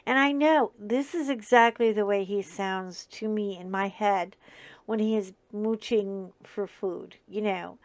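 A woman's voice: medium pitch, moderate pace. A woman host telling a story in a casual chat, chatty and often laughing.

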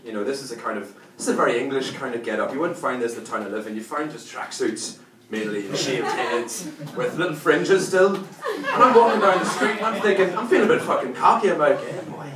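Man, Northern Irish accent, sweary stand-up comic, lively pitch, echoey distant club recording. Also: brisk. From Northern Ireland. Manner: brash, sweary storytelling, acts out characters. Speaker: stand-up comedian. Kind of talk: stand-up comedy set. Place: comedy club stage. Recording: echoey club recorded from afar, loud crowd noise.

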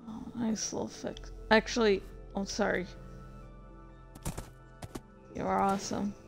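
Slow, chatty woman gaming host. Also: medium pitch, little pitch movement, gravelly, faint music behind. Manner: chatty, self-deprecating, slow and halting. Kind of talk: casual gameplay commentary.

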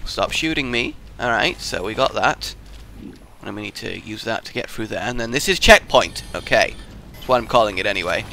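A young man giving excitable, jokey let's play commentary as he plays through puzzle maps, yelping and shouting when he fails. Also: fairly low pitch, moderate pace, gravelly, slight background noise. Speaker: gaming YouTuber.

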